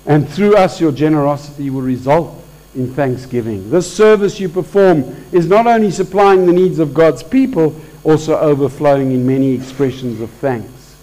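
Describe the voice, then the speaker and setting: Man, preacher, conversational sermon, slightly high voice, informal, restarts, builds to emphatic peaks, church service. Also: normal speed, mellow, rough recording.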